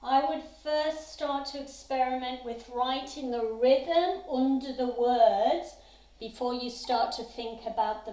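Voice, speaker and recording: In an echoey classroom, a high-pitched woman with a dark tone patiently walks students through a music theory lesson one step at a time.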